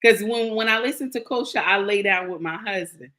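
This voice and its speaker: A woman's voice: mid-range voice, fairly quick, fairly bright tone. An older woman, giving sassy, preachy commentary to her viewers. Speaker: commentary vlogger. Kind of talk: casual opinion commentary.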